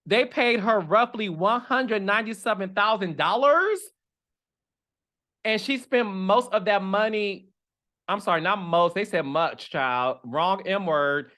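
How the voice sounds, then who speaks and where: A man hosting a reality TV commentary show, talking in an animated, chatty way with dramatic asides. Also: sits high, unhurried. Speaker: reality TV commentator and podcast host. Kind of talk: casual chat.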